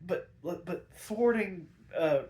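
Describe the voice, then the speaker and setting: A man's voice: high-pitched, animated, slow, mellow, pitched above the performer's own voice. A man doing a giddy, stammering villain. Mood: whiny. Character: excitable scheming male comic-book villain. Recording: roomy echo.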